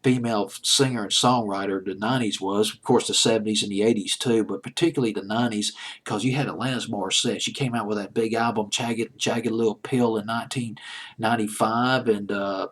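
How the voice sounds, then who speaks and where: A man's voice: on the low side, fairly bright tone, slightly rough. A man hosting a home-made countdown show, talking casually and enthusiastically with asides and restarts. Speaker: countdown host. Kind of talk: casual radio-style countdown talk.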